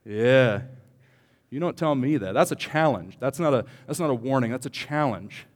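A male pastor delivers a lively sermon, dropping to quiet asides and then building to loud, emphatic lines. He jokes with the congregation as he goes. His voice carries a long reverb from the church hall. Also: medium pitch, normal speed. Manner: animated, joking, swings from quiet to loud.

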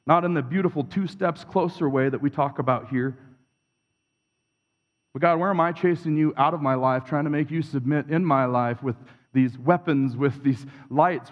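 A pastor with a somewhat high voice preaches a sermon in church at a moderate pace, reflective and confessional, building his points through repeated phrases. The large hall adds a long reverb.

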